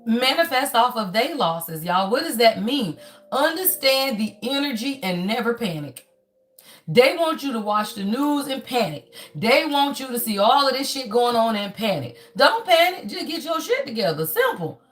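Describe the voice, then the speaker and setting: A woman's voice: on the high side, moderate pace, faint music behind. Blunt, cussing woman hosting a live stream. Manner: blunt, profane, calls the audience "y'all" constantly; lively, preachy and emphatic. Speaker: spiritual reading channel host. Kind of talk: casual livestream chat.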